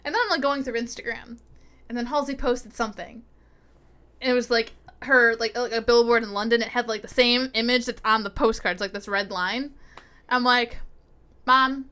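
A woman's voice: a little high, fairly even intonation, normal speed, bright, forceful tone, clean tone. A young American woman co-hosting a podcast, telling rambling stories in casual chat, full of "like". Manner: rambling storyteller with many likes. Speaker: podcast co-host.

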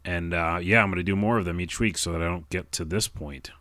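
A man with a very low voice hosts his own podcast, chatting alone. He rambles, stumbles over words and pokes fun at himself. The recording is dry and close. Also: fairly quick, a bit bright, no echo. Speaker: podcast host. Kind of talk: casual solo podcast chat.

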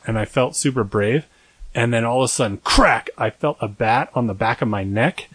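This young podcast co-host has a medium-pitched voice that's a bit bright and slightly rough, with no echo, and he speaks at a moderate pace. His long story rambles, full of self-deprecation and acted-out quoted voices, in a casual chat.

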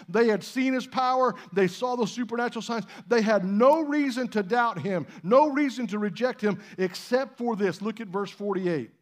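A man's voice: sits high, normal speed, few pauses. A man preaching a sermon in church, conversational and emphatic, with rhetorical questions. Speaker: pastor.

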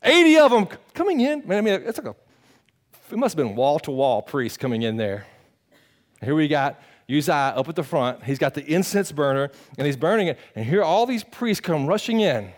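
A pastor preaching a sermon in a conversational, animated way, swinging between loud bursts and quiet, earnest talk and teasing his congregation. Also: fairly high pitch, moderate pace.

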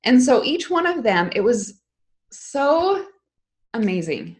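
A woman's voice: fairly high pitch, big pitch swings, slow. A middle-aged woman speaking as an interview guest, telling a personal story in an emotional, candid way. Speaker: guest, online course creator.

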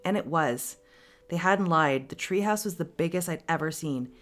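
A woman with a very low voice narrates a story aloud as a podcast host. Her reading is steady and expressive. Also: normal speed.

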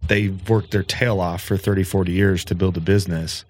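A man hosting a podcast, talking in a relaxed, direct way and giving friendly business advice. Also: low voice, normal speed, slightly rough. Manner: direct, advice-giving, peppered with "you know what I mean". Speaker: podcast host. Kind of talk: casual chat.

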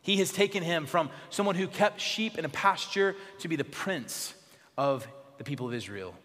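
A pastor preaching a sermon in a church, expressive, dropping to soft tones for emphasis. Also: male voice, on the high side, normal speed, big-room sound.

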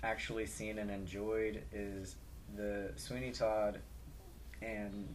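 A man co-hosting a podcast in relaxed, casual chat, peppered with fillers. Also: on the low side, slow, a little hiss or hum. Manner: relaxed, chatty, filler-heavy. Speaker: podcast co-host.

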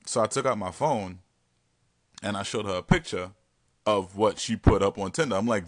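Deep-voiced man telling stories casually. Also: normal speed. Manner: animated and slangy, laughs often. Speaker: podcast host telling stories. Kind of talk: casual storytelling.

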